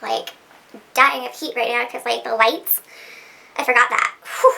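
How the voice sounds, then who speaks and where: A woman's voice: on the high side, fairly even intonation, unhurried, vocal fry, long pauses, bright, forceful tone. A woman vlogger chatting casually to camera at her desk, rambling and giggling at herself. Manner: rambling, giggly, self-deprecating. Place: sitting at a desk at home under lights. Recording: roomy, distant sound.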